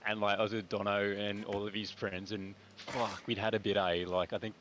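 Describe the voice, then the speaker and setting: A man's voice: on the low side, little pitch movement, brisk. A young Australian man streaming, telling a long slangy story with lots of swearing. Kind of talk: casual chat while gaming on stream. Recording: noisy background.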